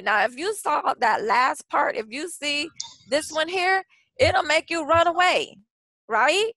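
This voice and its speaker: A woman's voice: sits high, animated, unhurried, pushed and bright, no echo, rough recording. A woman presenting a branding workshop in a chatty, casual way, with frequent restarts and fillers. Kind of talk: casual webinar teaching.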